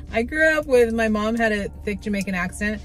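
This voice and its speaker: A woman chatting casually to her camera as a lifestyle vlogger, upbeat and rambling. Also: medium pitch. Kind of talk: casual vlog chat to camera.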